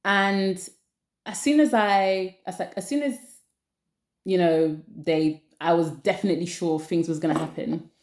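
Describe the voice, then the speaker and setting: A woman's voice: fairly low pitch, measured pace. Chatty woman in a roomy space. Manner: chatty, rambling, repeats phrases for emphasis. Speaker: vlogger. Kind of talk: casual chat to camera. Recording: roomy echo.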